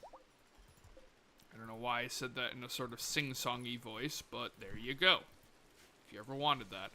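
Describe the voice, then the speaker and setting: A young man streaming a colony game live, muttering to himself, swearing and breaking into sudden excited outbursts. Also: medium pitch, a little slow, long pauses. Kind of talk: live gameplay commentary.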